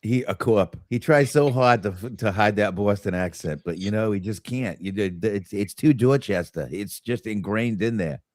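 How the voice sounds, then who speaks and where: A man's voice: on the low side, moderate pace, few pauses, a little mellow, no echo, clean studio sound. A man co-hosting a casual movie review podcast, swearing often and restarting his sentences. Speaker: podcast co-host.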